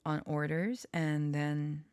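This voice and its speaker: A woman talking slowly and haltingly with many pauses, sharing personal reflections in a vlog, short on sleep. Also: deep voice, level tone, a little mellow, clear, resonant tone, dry recording. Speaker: tarot reader and storyteller.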